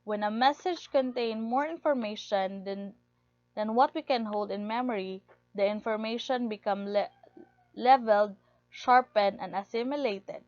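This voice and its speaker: A woman's voice: medium pitch, moderate pace, darkish tone, no echo. A woman giving a recorded lecture, reading steadily from her notes and stressing key words. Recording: dull lo-fi recording, dry.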